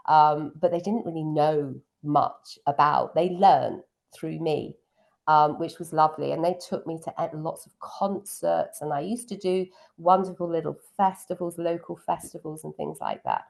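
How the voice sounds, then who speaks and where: A woman's voice: sits low, steady tone, moderate pace, creaky, a little mellow. A middle-aged woman, a piano teacher, chatting fondly about her student days in an interview, with many ums. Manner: fond, reminiscing, frequent ums. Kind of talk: casual interview chat.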